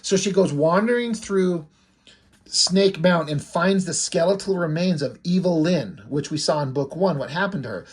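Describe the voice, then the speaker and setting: Man, casual rambling story recap, husky, slightly high voice. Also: moderate pace. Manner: rambling, loose. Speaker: fan comic creator.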